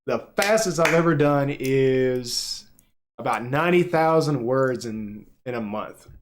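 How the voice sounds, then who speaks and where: Male streamer, offhand and jokey, with a lively, up-and-down delivery. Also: medium pitch, unhurried. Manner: joking, offhand, crude asides. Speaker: streamer reading webtoons. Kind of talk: casual live-stream commentary.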